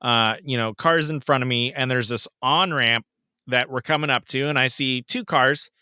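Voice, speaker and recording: A man in his thirties co-hosting a podcast, telling a story in casual chat, animated and swearing often, jumping into loud, high voices when he quotes people. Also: normal speed, clear, resonant tone, dry recording, studio quality. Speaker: podcast co-host.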